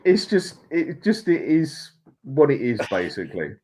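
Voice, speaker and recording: A man's voice: on the high side, wildly swooping pitch, measured pace, a little mellow, slight background noise. A man with a London accent, co-hosting a casual football podcast and telling blokey, sweary anecdotes. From London, England. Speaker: podcast co-host.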